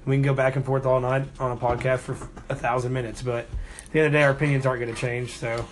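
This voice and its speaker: A man's voice: medium pitch, level tone, fast, noisy background. A man co-hosting a casual sports podcast, arguing his opinions emphatically. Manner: emphatic, opinionated, argues hard. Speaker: podcast co-host.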